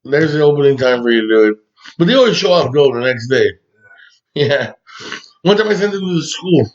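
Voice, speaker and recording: A man's voice: fairly high pitch, expressive, a little fast. A man co-hosting a casual podcast, joking about scam calls and swearing freely. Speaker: podcast co-host. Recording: dull lo-fi sound.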